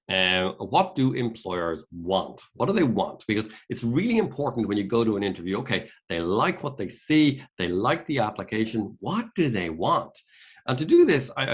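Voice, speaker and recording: Earnest Irish man, lowish voice. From Ireland. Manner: earnest, repeats key points for emphasis. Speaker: career consultant. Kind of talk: workshop talk.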